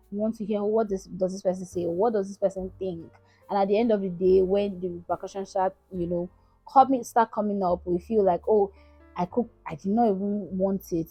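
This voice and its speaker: A woman's voice: mid-range voice, dark tone, husky, no echo, poor audio. A woman in her thirties, a content creator giving earnest, casual advice to camera and often checking in with "right?". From Nigeria. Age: 30s. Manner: earnest, repetitive, frequently asks "right?".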